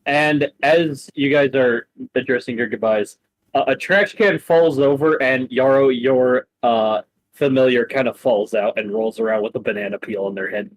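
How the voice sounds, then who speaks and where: A man's voice: medium pitch, moderate pace, no room sound, rough recording. A man narrating as game master of a tabletop game, laughing often and cursing casually. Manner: laughs often, swears, animated.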